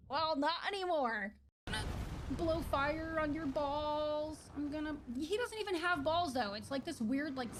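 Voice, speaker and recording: A woman's voice: high-pitched, noisy background. A woman streaming a game live, chatting to viewers and shrieking and swearing when things go wrong. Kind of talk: live gameplay commentary.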